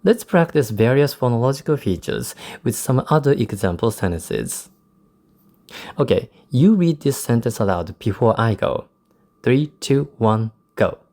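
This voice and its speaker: Male English tutor, native Japanese speaker, warm relaxed tone, clear explanatory delivery. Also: medium pitch, measured pace. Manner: explanatory, demonstrates intonation in quoted examples. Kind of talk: recorded lesson.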